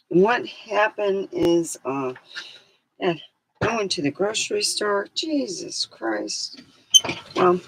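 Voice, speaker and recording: A woman vlogging in a rambling, hesitant way, losing her train of thought, then leading a slow guided meditation. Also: on the low side, fairly bright tone, a little hiss or hum, rough recording. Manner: soothing, slow guided relaxation. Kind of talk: casual chat and guided meditation.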